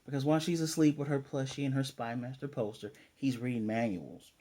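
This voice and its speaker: A man's voice: mid-range voice, a little fast, dark tone. A man casually recapping an anime episode as a reviewer, rambling with lots of fillers and restarts.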